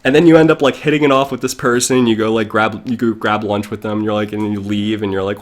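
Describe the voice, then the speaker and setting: A man's voice: mid-range voice, a little fast. A young man chatting casually on a live stream, rambling into tangents and laughing often, with the mic very close to his mouth. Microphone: desk mic very close to mouth.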